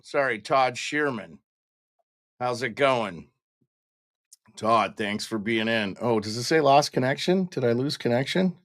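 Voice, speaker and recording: A man's voice: on the high side, sharp tone, no room sound, studio quality. Chatty man hosting a live stream. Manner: chatty, greets viewers by name. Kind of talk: casual pre-game live stream chat.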